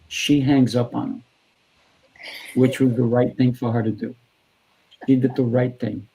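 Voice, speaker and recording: A male trainer and show host tells a story in a relaxed podcast chat. His voice is gravelly and husky, with a mellow, dark tone. He acts out each side of the dialogue as he goes. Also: medium pitch, poor audio. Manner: acts out both sides of dialogue in anecdotes.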